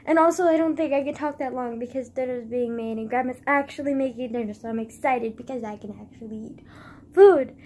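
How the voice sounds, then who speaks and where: Teenage girl vlogger with a high voice, rambling through an emotional, scattered rant. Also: brisk, a little mellow. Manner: emotional and scattered, with frequent sighs and gasps; filler-heavy, restarts often. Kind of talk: rambling casual vlog rant.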